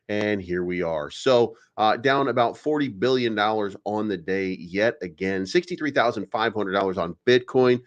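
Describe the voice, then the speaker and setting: A man's voice: on the low side, normal speed, few pauses, muffled recording. Sarcastic ranting male crypto host. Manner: ranting and sarcastic, mocking viewers in whiny put-on voices. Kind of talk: energetic daily crypto show monologue.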